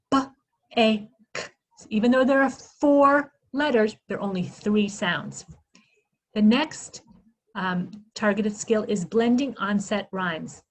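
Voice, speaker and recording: A woman giving a literacy workshop, sounding out phonemes slowly and asking questions she answers herself. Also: medium pitch, rough recording. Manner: slow, exaggerated sounding-out of phonemes; asks questions then answers them herself. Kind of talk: instructional presentation.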